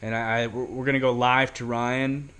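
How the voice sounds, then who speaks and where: Man hosting live stream, upbeat emcee, medium pitch. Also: level tone, moderate pace, a bit bright, clean tone. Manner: upbeat, introduces acts. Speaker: host of a live short film contest.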